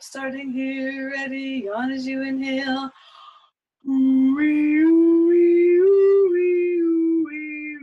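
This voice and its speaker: A woman's voice: high-pitched, highs cut off. A woman teaching a singing lesson, coaching patiently and leading sung vocal exercises.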